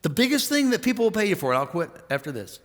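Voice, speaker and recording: Chatty pastor in a reverberant hall. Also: male voice, high voice, quick pace, a little hiss or hum. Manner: storytelling, animated quoting of others. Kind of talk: conversational sermon.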